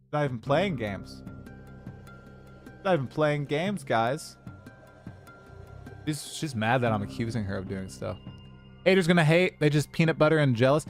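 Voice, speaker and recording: Animated young man streaming. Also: mid-range voice, normal speed, pauses often, soft background music. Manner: animated, rambling, talks to chat. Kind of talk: casual livestream chat.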